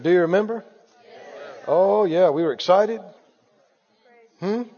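A man preaching a lively sermon, calling out to the congregation and acting out anxious voices. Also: sits high, unhurried. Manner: animated, calls for responses, acts out worried voices. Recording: dull echoey hall recording.

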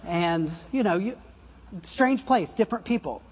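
Raspy-voiced older preacher. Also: male voice, sits high, lively intonation, a little slow, highs cut off. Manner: conversational preaching with asides and self-corrections; laughs softly at his own stories. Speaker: pastor. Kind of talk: sermon.

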